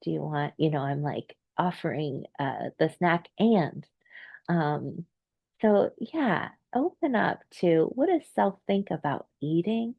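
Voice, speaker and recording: Low gravelly woman talking gently. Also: expressive, takes it slowly, dry recording, dull audio. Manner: gentle, meandering, many fillers. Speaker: therapist. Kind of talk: reflective solo talk.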